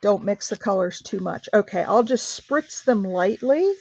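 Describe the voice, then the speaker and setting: A woman's voice: medium pitch, expressive, unhurried, a little mellow. A woman hosting a craft video, chatting casually and asking questions as she works. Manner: chatty, asks questions while working. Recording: dry, dull lo-fi sound.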